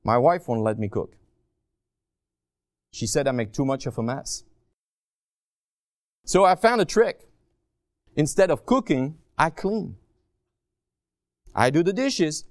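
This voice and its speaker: A man preaching a sermon as a guest speaker, animated and joking, swinging between quiet low asides and raised emphatic cries. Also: takes it slowly, long pauses, no echo, studio quality. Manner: joking, self-deprecating asides.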